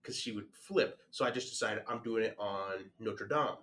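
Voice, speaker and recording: A young man on a podcast telling a school story in a casual, animated way, laughing as he goes. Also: fairly low pitch, moderate pace. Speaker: podcast guest.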